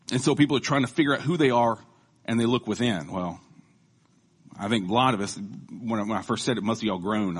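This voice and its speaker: A man preaches a casual sermon, chatty and quick to joke at his own expense. His voice sits low with a husky edge. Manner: conversational, joking, self-deprecating. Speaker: lay preacher.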